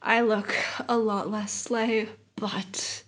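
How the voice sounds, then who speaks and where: A young woman vlogging casually, rambling softly and sometimes dropping to a whisper. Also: medium pitch, little pitch movement, takes it slowly. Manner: soft, rambling, drifts into whispers. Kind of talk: casual late-night vlog chat.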